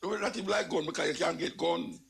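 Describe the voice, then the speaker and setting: Gravelly Jamaican man ranting. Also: fairly high pitch, quick pace. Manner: animated, repetitive, emphatic ranting. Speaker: radio talk show host. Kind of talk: casual spoken commentary.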